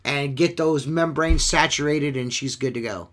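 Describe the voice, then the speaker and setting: A man's voice: fairly high pitch, moderate pace, a bit bright. A middle-aged man hosting a podcast, chatting casually in a loose, rambling way and swearing often. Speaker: podcast host. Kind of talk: casual profane podcast chat.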